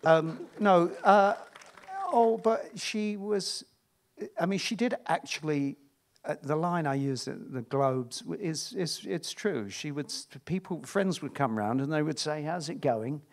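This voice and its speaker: A middle-aged man, an actor, chatting candidly at a screening Q&A, with a stop-start manner full of restarts. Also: a little high. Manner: halting, stop-start, self-interrupting. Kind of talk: candid anecdotal chat.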